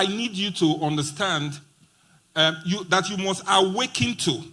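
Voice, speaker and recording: A man's voice: high voice, unhurried, bright, forceful tone. A man giving a playful motivational talk at a conference, acting out quoted dialogue. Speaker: conference speaker. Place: conference hall.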